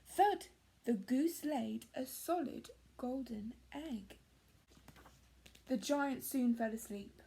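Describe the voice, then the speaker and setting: A woman teacher with an English accent, reading a picture book aloud to young children in a clear, gentle storytelling manner. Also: high-pitched. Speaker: primary school teacher.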